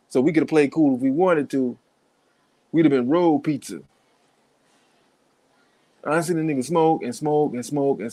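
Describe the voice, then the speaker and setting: A man's voice: medium pitch, no room sound. A man giving blunt, profane reaction commentary in a casual way, laughing between points.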